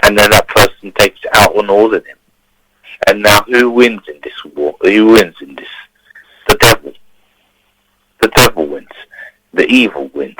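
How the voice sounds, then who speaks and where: Low-voiced ranting male caller. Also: fairly bright tone, rough recording. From Turkey. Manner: emphatic, repetitive, preachy. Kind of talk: impassioned phone-in rant.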